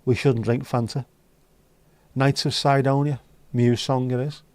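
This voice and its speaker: A man's voice: medium pitch, flat delivery, unhurried, a little mellow, no room sound. A man hosting a casual livestream from his room at home, chatting with viewers in a rambling, sweary, wry way. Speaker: livestream host. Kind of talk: casual chat reading viewer comments.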